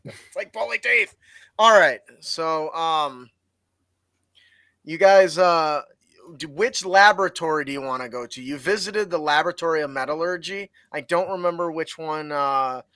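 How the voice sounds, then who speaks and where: A man with a fairly high voice runs the tabletop game as game master. He explains in halting bursts full of fillers and restarts. The sound is dry and close. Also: pushed and bright, no echo.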